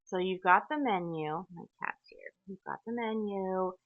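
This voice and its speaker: A woman's voice: medium pitch, moderate pace, dry recording. A woman hosting a solo podcast, talking in a long rambling monologue full of tangents and "okay?" asides. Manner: tangential, chatty, frequent "okay?" and fillers. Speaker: podcast host. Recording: tinny, phone-like dry audio.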